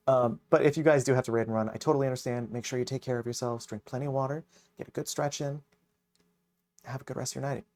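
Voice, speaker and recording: A man streaming live and chatting with viewers in an upbeat, quick way, laughing often. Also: medium pitch, fairly even intonation, darkish tone. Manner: upbeat, laughing, talks fast to chat. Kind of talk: casual live-stream chat.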